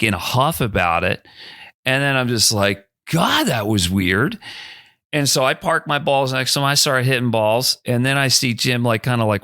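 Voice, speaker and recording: In smooth, clean studio audio free of echo, a guest on a podcast spins casual stories. This former college golfer turned broadcaster has a bright voice and acts out quotes with big pitch leaps, animated throughout.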